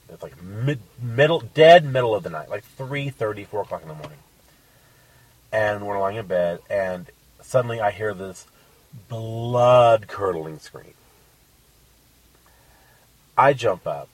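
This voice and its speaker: A man on a podcast casually telling a crude dating story, animated and swearing. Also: lowish voice, slightly rough, distant mic, rough recording. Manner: crude, animated, acts out quotes.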